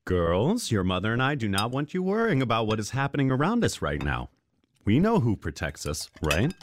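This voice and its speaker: A man's voice: mid-range voice, huge pitch swings, normal speed, slight background noise. A protective missionary father. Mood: firm. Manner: earnest, worried.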